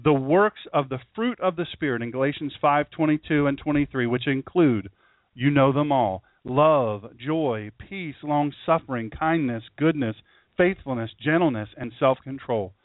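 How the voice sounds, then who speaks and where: A man's voice: mid-range voice, normal speed, dry recording. A man from Southern Delaware preaching a sermon in a folksy way, often repeating phrases and calling his listeners folks. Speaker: pastor. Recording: tinny phone-like audio.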